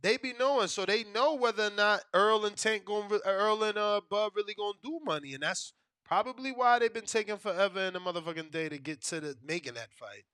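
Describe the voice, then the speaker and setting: A man's voice: high-pitched, fairly quick, sharp tone, clean tone, no echo, studio quality. A man co-hosting a boxing call-in podcast, talking in loose, slangy, profane banter with callers. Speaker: podcast co-host taking calls. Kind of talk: casual boxing call-in show chat.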